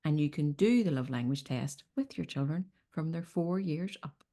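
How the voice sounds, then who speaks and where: Lively woman giving advice. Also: low-pitched, moderate pace. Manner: animated storyteller, acts out quotes, says "okay?" often. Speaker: relationship coach guest. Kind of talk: casual advice chat.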